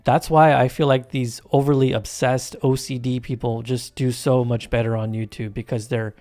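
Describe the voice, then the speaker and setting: A man's voice: medium pitch, level tone, moderate pace, a little mellow, faint music behind. Give me a man in a mid register, talking casually and emphatically as a voice-over host, with plenty of fillers and restarts. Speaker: YouTube channel host. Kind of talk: casual voice-over talk over gameplay. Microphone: home voice-over mic, off camera.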